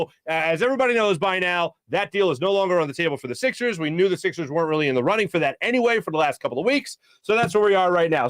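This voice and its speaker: A man hosting a sports talk show, talking fast and breaking into quick impressions when he quotes people. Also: high-pitched, no echo, clean studio sound. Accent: Philadelphia. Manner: animated, jumps into voices for quotes. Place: studio.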